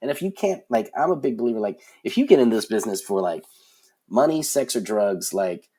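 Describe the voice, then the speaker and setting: A man's voice: fairly low pitch, lively intonation, a little fast, dark tone, husky. A man in his forties, a guest on a podcast, telling stories in a frank, rambling way with lots of fillers and restarts. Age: 40s. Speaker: guest, concert production manager. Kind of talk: casual storytelling in a podcast interview.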